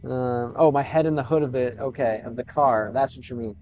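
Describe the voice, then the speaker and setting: A man's voice: mid-range voice, brisk, dull audio, a little hiss or hum. An American man streaming live, chatting casually with viewers and switching between English and hesitant learner Russian full of restarts.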